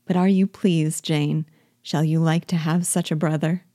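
A woman's voice: sits low, steady tone, normal speed, dry recording, studio quality, natural voice. Woman reading as a witty young heroine. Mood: wry. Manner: wry, earnest, gently teasing. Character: lively, witty young woman, newly engaged.

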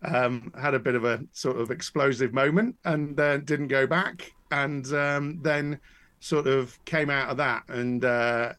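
A man speaks as a podcast guest, talking casually and at length. He restarts his sentences often and fills the pauses with little asides as the story wanders along. His voice sits at an average pitch for a man. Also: fairly even intonation, fairly bright tone. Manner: rambling, many restarts and fillers.

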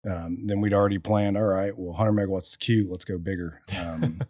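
A low-voiced man talking fairly quickly tells his story as a guest on a podcast; he's an energy entrepreneur from Texas. In the casual chat he acts out quotes animatedly and laughs in bursts, recorded in clean studio sound without echo.

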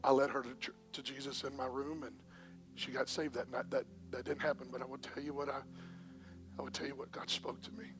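A man preaching a sermon as pastor, swinging between hushed whispers and shouts, with faint music behind. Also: mid-range voice, flat delivery, brisk. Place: church.

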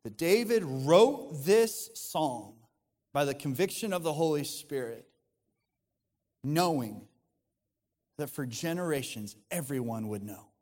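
A man's voice: a little high, lively intonation, slow, long pauses, darkish tone, big-room sound. A man, a pastor, preaching a conversational sermon in an earnest tone, often restarting his sentences.

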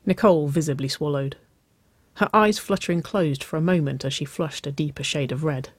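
A narrator reading a romance story aloud in a soft, unhurried way. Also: mid-range voice, slightly rough, no room sound.

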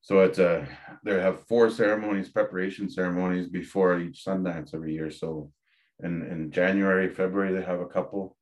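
A man's voice: low-pitched, fairly even intonation, brisk. A man, a podcast guest candidly telling a personal story with frequent fillers and restarts. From Ontario, Canada.

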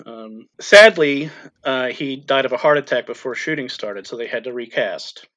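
Bright-voiced man musing on film. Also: medium pitch, animated, moderate pace, highs cut off. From Irish extraction. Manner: thoughtful, hesitant, many fillers. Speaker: podcast co-host. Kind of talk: casual film discussion.

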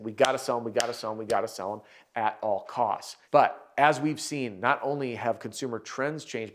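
Brief: male sales trainer, mid-pitched, energetic and emphatic, talking straight to camera. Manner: energetic, emphatic, coaching the viewer directly. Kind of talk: instructional coaching talk to camera.

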